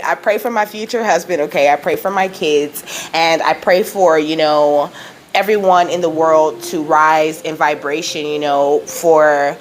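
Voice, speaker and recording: A woman hosting her own spiritual channel, talking casually and emotionally, filling every pause with "you know" and "okay?". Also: low voice, steady tone, slight background noise. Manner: rambling, says "you know" and "okay?" constantly, laughs often; emotional, close to tears at times. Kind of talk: casual spiritual vlog talk.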